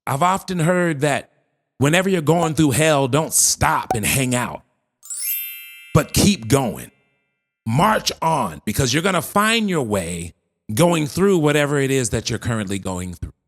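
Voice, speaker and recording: A male motivational speaker delivers an encouraging message with slow, weighty emphasis. He pauses for drama, and his pitch rises and falls widely. He speaks directly to his listener. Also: very animated. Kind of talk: motivational speech.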